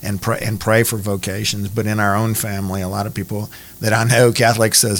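A man hosting an interview, framing questions haltingly with repeated words. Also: fairly low pitch, little pitch movement, fairly bright tone. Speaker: podcast host.

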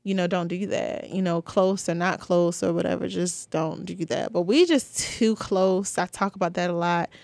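Early-twenties woman, podcast host, casual heartfelt monologue, middle pitch, dry close sound. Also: clear, resonant tone, no echo. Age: 20s. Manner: chatty, heartfelt, with many fillers.

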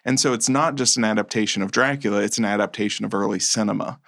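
A man's voice: on the low side, fast, vocal fry, a bit bright, no echo. A man co-hosting a podcast about movies, talking casually, rambling a little and correcting himself as he goes. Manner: rambling, self-correcting, chuckles often. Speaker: podcast co-host. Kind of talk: casual film chat.

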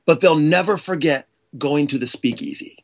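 A man speaks with fierce conviction, leaning hard on his key points. His voice sits a little high for a man. He gestures as he talks, and it carries into his delivery. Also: moderate pace. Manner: passionate, emphatic, gesturing while talking. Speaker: guest, author and speaker on teaching. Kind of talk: animated podcast conversation.

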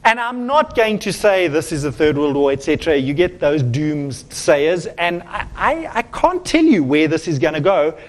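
A middle-aged pastor delivers a sermon to his congregation, his voice sitting notably high for a man. He speaks earnestly and emphatically, stumbling and restarting phrases as he presses his points. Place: church.

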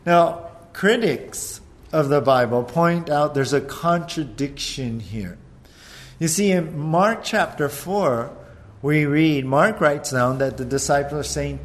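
A man preaching a sermon, telling the story with energy and acting out the disciples' frantic shouts. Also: fairly high pitch, takes it slowly. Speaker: pastor.

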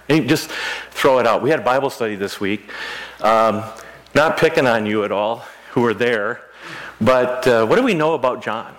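A middle-aged pastor preaches in a church in an easy, conversational way. He asks the congregation questions, and his pitch rises and falls a lot as he talks. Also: slight background noise. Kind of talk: sermon. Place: church sanctuary.

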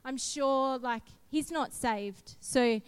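A woman's voice: high-pitched, slow, smooth. A woman, preaching a sermon and telling a personal testimony in an earnest, emphatic way.

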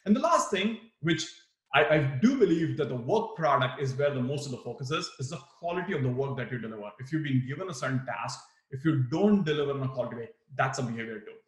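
Speaking at a quick, animated pace in a mid-range voice, a man teaches new managers in a live workshop. He performs sample replies with dramatic vocal shifts, and the room has noticeable echo.

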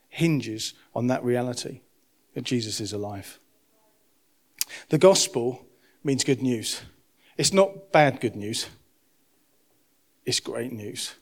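Male pastor, young adult to 30s, preaching with surging emphasis and hushed asides. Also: mid-range voice. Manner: impassioned, swings between loud emphasis and hushed lines. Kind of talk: sermon.

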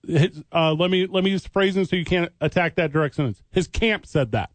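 A man's voice: a little high, a little fast, no echo. A man co-hosting sports talk radio, arguing his point and choosing his words with care. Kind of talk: heated sports talk debate.

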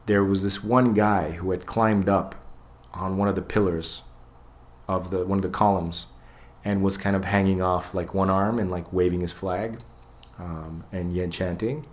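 In a casual storytelling chat, a low-voiced man who co-hosts a podcast recounts a wild tale. He cusses freely, stays animated, and performs the quoted lines in character.

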